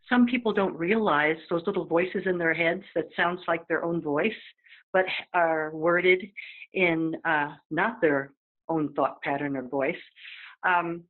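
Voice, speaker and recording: A woman talks casually as a psychic medium, chatty and full of fillers. Her voice sits slightly low and husky. The sound comes through a thin, phone-like line. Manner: chatty, acts out quoted voices, frequent fillers. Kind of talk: casual panel chat.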